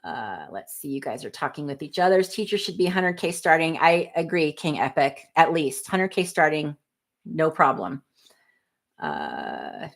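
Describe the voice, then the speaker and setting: A woman in her fifties hosting a casual livestream, reading viewer comments aloud in a chatty, apologetic way with quick asides. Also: on the low side. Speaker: livestream host.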